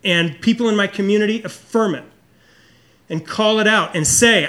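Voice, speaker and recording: Middle-aged male pastor with a high-pitched voice, preaching earnestly and personally. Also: moderate pace. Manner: earnest, confessional, drops low and soft for emphasis. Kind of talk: sermon.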